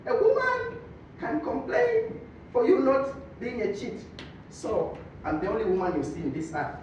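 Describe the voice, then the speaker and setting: A man with a Tanzanian accent doing a stand-up comedy routine, telling animated stories and slipping into Swahili. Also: very high voice, normal speed, slight background noise. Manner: animated storytelling, switching between English and Swahili. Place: comedy club stage. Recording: echoey distant muffled club recording.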